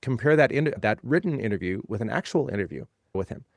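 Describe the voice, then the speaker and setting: A man's voice: fairly low pitch, expressive, fast, gravelly, dry recording, studio quality. A man being interviewed as a legal tech guest, explaining ideas in a conversational way and building points by repeating phrases.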